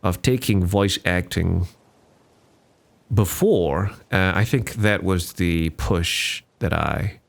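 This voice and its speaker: A young man hosts a relaxed solo podcast with a lowish, gravelly voice. He talks slowly and rambles in a self-deprecating way, often restarting his sentences. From Singapore. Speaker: podcast host. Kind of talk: casual solo podcast chat.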